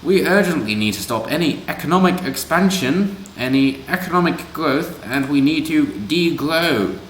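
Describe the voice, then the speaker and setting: A man's voice: expressive, normal speed, a little hiss or hum, natural voice. A man putting on a mocking voice for a male protest activist, upbeat and exaggerated. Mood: earnest. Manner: exaggerated high cheery mimicry. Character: mocked male drone activist, chirpy and upbeat. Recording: roomy echo.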